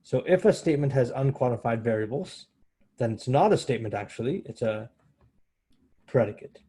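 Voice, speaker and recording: A man's voice: mid-range voice, lively intonation, fairly quick, mellow, slightly rough. A man giving a university math lecture in a conversational way, often correcting himself as he explains step by step.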